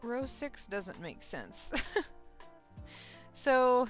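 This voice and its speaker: A woman's voice: on the high side, sing-song, extremely slow, faint music behind. A tired young woman chatting casually on a crochet livestream, rambling, laughing often and trailing off with ums. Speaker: crochet streamer.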